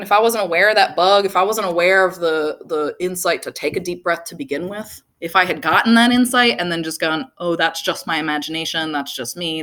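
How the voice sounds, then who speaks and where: A young woman telling a personal story to an audience, animated, laughing often and saying "like" a lot. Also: lowish voice. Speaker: speaker.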